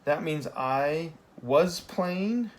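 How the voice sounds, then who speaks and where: A man's voice: fairly high pitch, expressive, extremely slow. A man teaching a Spanish grammar lesson in a casual classroom style, often checking in with "okay?" and correcting himself as he goes.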